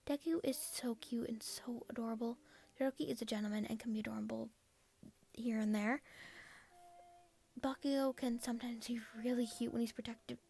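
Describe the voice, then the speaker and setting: Gravelly-voiced woman reading fan fiction. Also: on the high side, fairly even intonation, brisk, warm tone. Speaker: fanfiction reader.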